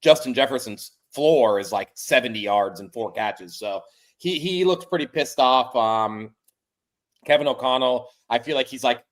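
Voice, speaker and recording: Animated and mid-range in pitch, this man co-hosts a sports podcast at a moderate pace. His rambling critique of the team is packed with "like" and profanity.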